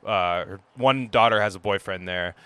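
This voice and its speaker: Joking man with a bright, dry voice. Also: deep voice, moderate pace, smooth, dry recording. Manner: crude, joking, stammers and restarts often. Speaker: podcast co-host. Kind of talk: casual podcast banter.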